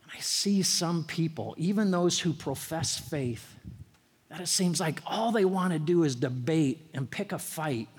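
Man preaching in a church, high voice, chatty and storytelling, punches up the big lines, lots of hall echo. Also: animated, unhurried, breathy edge. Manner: conversational storytelling preacher, rising emphasis on key phrases. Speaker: pastor. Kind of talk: sermon.

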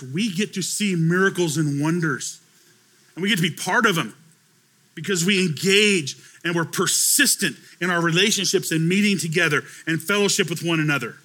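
A man's voice: high voice, pushed and bright. A man preaching a conversational sermon to his church as pastor, telling stories with acted-out dialogue.

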